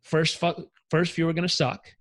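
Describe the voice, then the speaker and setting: Energetic, blunt male life coach. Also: fairly high pitch, normal speed, no echo. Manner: energetic, blunt, swears freely. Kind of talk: casual interview storytelling.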